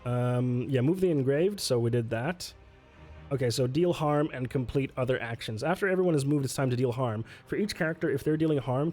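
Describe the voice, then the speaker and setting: A man's voice: mid-range voice, dark tone. Chatty man streaming a solo tabletop game. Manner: chatty, reads rules aloud, answers chat, laughs often. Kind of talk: casual livestream play-through.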